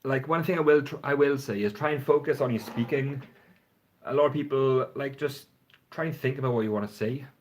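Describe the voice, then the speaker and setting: A man's voice: medium pitch, fairly quick. A man chatting casually and frankly on a phone livestream, rambling and swearing now and then. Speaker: fragrance reviewer. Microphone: phone front camera.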